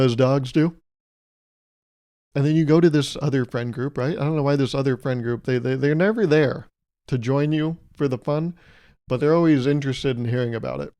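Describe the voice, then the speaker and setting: A man's voice: medium pitch, creaky, darkish tone. A young man hosting his own podcast, rambling through a casual comedic monologue and slipping into playful mock voices. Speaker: podcast host.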